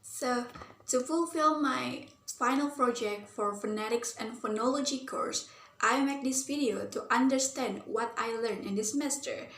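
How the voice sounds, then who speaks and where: A young woman at university gives an explanatory class presentation in a somewhat bright voice on the high side. Earnest, she thinks aloud and fills gaps with "like" and "um." The room echoes, with slight background noise.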